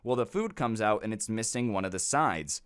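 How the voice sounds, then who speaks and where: A man's voice: on the low side, expressive, normal speed, a bit bright, clean tone, no echo. A young man narrating casual storytime anecdotes with chatty, incredulous asides, close to the mic. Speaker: storytime YouTuber.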